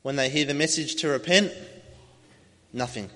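A man's voice: medium pitch, moderate pace, pushed and bright. A man preaching a sermon, telling a story with animation and acting out voices as he goes. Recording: long hall reverb.

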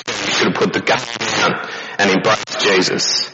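Male preacher, lively storyteller, low voice, muffled hissy recording. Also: measured pace. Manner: animated storytelling with rhetorical questions. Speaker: pastor. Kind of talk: sermon. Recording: dull lo-fi recording with noise.

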